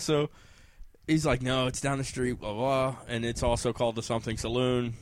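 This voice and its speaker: A man's voice: medium pitch, animated, normal speed, no room sound. Laughing man telling a story. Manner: laughs often, acts out other people's lines. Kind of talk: casual anecdote telling.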